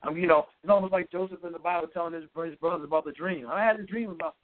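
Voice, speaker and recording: A man's voice: fairly high pitch, fairly even intonation, fast, few pauses. A man hosting a motivational radio talk, preachy, calling listeners "folks" and asking "guess what". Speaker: radio host. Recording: tinny phone-line radio audio.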